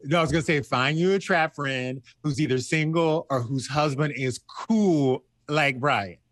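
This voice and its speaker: Sassy, animated man with a dry sound. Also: moderate pace, no room sound. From American South. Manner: animated storyteller who acts out quotes in a high voice; sassy and blunt. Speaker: guest, TV host. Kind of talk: casual podcast chat.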